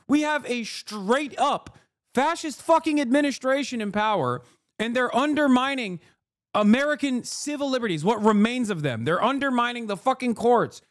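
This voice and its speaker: A man's voice: very high voice, dry recording, studio quality. A man streaming live, giving heated, profane and sarcastic commentary while reacting to clips.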